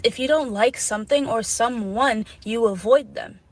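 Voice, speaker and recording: A woman's voice: on the high side, normal speed, no echo. A woman speaking bluntly and indignantly in a played clip.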